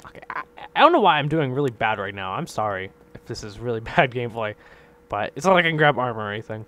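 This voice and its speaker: A man telling a rambling, animated story over his gameplay, tagging many lines with "right?" and laughing often. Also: medium pitch, fast talker. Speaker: gaming channel host.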